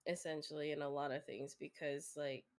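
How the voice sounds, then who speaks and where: A woman chatting casually while drawing on a stream, speaking softly because she is sick, with an occasional cough and frequent giggles. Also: deep voice, little pitch movement, a little fast. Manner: soft-spoken, giggly. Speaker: guest streamer.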